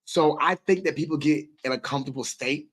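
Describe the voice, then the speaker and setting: A man's voice: a little high, a little fast, fairly bright tone. A man hosting a casual livestream, reacting to viewer comments with emphatic, repetitive, profanity-laced talk. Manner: emphatic and repetitive, swears freely. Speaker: livestream host.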